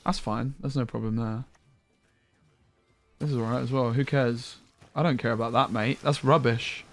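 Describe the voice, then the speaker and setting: A man's voice: medium pitch, fairly even intonation, moderate pace, faint music behind. A man streaming a card game, giving casual commentary full of jokey banter with viewers and muttered asides.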